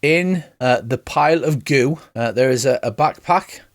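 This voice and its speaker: A man's voice: mid-range voice, normal speed, dry recording, clean studio sound. A man narrating as game master of a tabletop game, chatty and laughing often.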